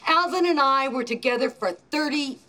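An actress playing a haughty, spiteful widow in a sitcom, speaking with cold disdain. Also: female voice, sits high, moderate pace, bright, forceful tone, rough recording. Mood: disdainful. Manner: icy, disdainful. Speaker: dead man's ex-wife.

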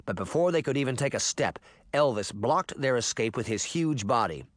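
A man's voice: mid-range voice, moderate pace, no room sound, studio quality. A man narrating a children's fantasy novel as an audiobook. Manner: expressive storytelling. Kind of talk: scripted narration.

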